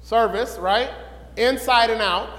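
A man teaching a Bible lesson in sermon style, questioning the room and building to excited shouts. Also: very high voice, slow, big-room sound.

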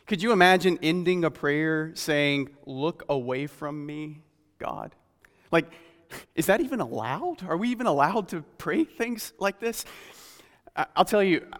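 A man's voice: fairly high pitch, fairly bright tone. Earnest male preacher in a reverberant hall. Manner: earnest, questioning, slows for quoted scripture. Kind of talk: sermon.

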